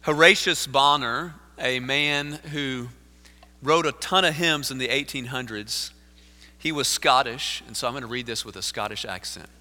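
Bright-voiced pastor preaching. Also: male voice, mid-range voice, normal speed. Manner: earnest storytelling, rising to forceful preaching. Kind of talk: sermon. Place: church sanctuary. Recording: live sermon in a reverberant sanctuary.

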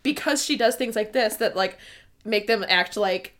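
A woman's voice: mid-range voice, normal speed, a bit bright. A woman co-hosting a casual book chat, gushing and giggly, with lots of "like" in her speech. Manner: gushing and giggly, heavy "like" fillers. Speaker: podcast co-host.

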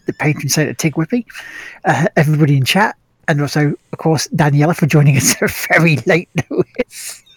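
A man co-hosting a gaming podcast in easygoing casual chat, laughing as he gives shout-outs. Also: fairly high pitch, brisk, slightly rough, no echo. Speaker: podcast co-host.

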